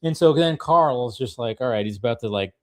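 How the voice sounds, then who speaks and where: A man's voice: mid-range voice, brisk. Laughing man recapping an episode. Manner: animated, laughs often, acts out characters' lines. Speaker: podcast co-host. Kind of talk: casual chat recapping a cartoon episode.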